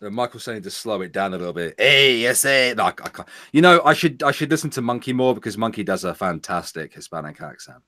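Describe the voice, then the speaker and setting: Animated man, joking chat host. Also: lowish voice, quick pace, hardly any pauses, no room sound, studio quality. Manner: joking, laughs often, stammers into restarts. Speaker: host of an online talk show. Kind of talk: casual political chat.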